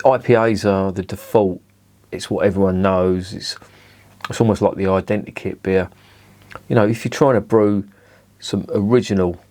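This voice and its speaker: A man's voice: fairly low pitch, a little mellow. A middle-aged man with a blunt, sweary manner, ranting in a casual beer review and peppering it with "you know".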